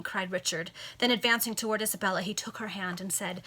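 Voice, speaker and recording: A woman reading an old novel aloud to friends over a video call, expressive and amused. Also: medium pitch, quick pace, few pauses. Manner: amused, expressive storytelling with playful asides. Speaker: amateur reader.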